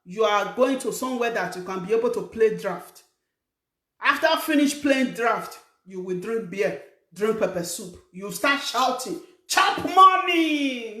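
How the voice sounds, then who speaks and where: A middle-aged Nigerian woman hosting her own show, lecturing viewers in an emphatic, scolding way that rises to shouts. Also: medium pitch, reverberant. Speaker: talk show host. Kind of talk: preaching monologue to viewers. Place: living abroad, in a room.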